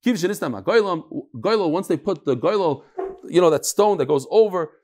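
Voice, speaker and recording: A man's voice: sits high, expressive, a little fast, darkish tone. A man teaching a daily Talmud class, explaining the text in plain talk mixed with Hebrew and Yiddish study terms and acting out the dialogue.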